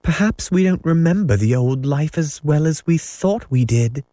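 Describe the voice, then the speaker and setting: A man puts on a gentle, motherly young girl from a storybook, earnest and a touch hesitant. The voice is lifted well above the reader's low register, recorded dry and close. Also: expressive, measured pace, no room sound. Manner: gentle, faltering.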